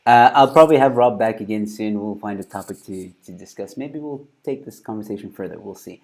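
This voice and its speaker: A man's voice: lowish voice, a little fast, a little mellow. A man, hosting and signing off his show in an upbeat way with many fillers. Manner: upbeat, filler-heavy presenter talk. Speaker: host. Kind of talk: interview wrap-up and sign-off.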